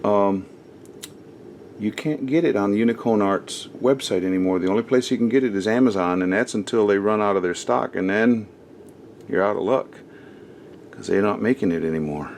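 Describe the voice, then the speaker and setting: A man's voice: on the low side, normal speed, a little mellow, a little hiss or hum. A man hosting a casual craft how-to, chatting and rambling with many ums and uhs as he works, his distance from the camera mic shifting as he moves. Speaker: craft channel host.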